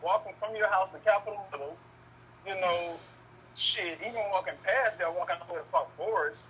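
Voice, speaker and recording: Young male podcast host, bright high-pitched voice, animated raunchy storyteller. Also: fairly quick, a little hiss or hum, rough recording. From Louisiana. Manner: animated storyteller, acts out quotes loudly, swears, laughs. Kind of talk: casual storytelling chat.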